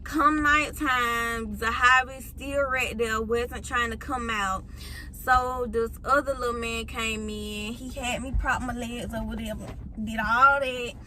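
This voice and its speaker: A vlogger in her late teens talks directly to her viewers through a phone mic, slowly recounting a long personal story with lively feeling. Her voice runs on the high side, with slight background noise in this casual storytime.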